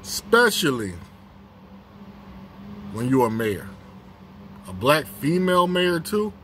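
A man's voice: on the high side, sing-song, takes it slowly, sharp tone, a little hiss or hum. A man hosting his own casual commentary vlog on a break at work, talking bluntly and repeating his points for emphasis.

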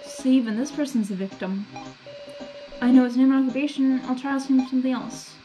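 Excitable woman gamer. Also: sits high, a little fast, faint music behind, poor audio. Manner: excitable, gushing, playful. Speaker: gamer playing through a game. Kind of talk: let's play commentary, reading dialogue aloud.

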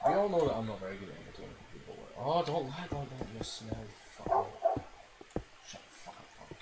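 A man's voice: medium pitch, very animated, fast. A man giving rambling, self-mocking gameplay commentary, swearing often and making silly noises. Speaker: game commentator. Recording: loud background noise.

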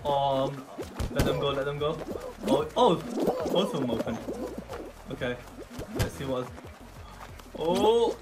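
A young man giving excitable live commentary on his gameplay, swinging from muttering to shouting. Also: fairly high pitch, fairly quick. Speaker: gaming YouTuber. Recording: music playing under the voice.

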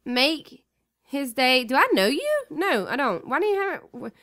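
A young woman with the sniffles commentates a life-sim game, bossing and teasing the characters in an excitable, jokey way. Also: high-pitched, normal speed. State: sniffly with a cold. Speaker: gaming YouTuber. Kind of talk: Let's Play commentary.

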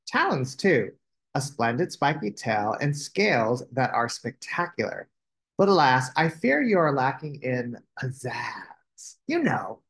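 A man voicing a thoughtful male dragon doctor in a storybook read-aloud, speaking deliberately. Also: medium pitch, a bit bright. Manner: deliberate, diagnosing.

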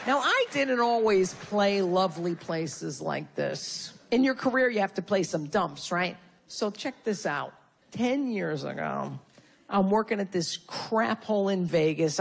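A woman's voice: medium pitch, expressive, unhurried, gravelly, some chatter behind, a little hiss or hum. A woman performing a stand-up comedy routine on stage before a live audience, brash and profane with insult humor.

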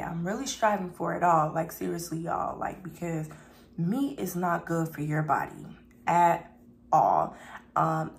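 Gravelly-voiced woman chatting through a meal. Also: lowish voice, slight background noise. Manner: chatty, talks to viewers as y'all, burps between bites. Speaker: mukbang vlogger. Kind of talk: casual chat while eating.

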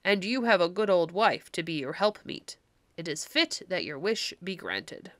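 A woman voicing a grave, kindly elderly male stranger in a storybook reading, slow and solemn. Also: lowish voice, animated, fairly bright tone, no room sound.

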